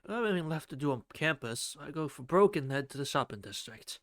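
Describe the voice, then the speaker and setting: A man's voice: on the high side, expressive, fast talker, a bit bright, dry recording, clean studio sound. A man live-streaming a game, reading its text aloud and chatting, swearing freely. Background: game music.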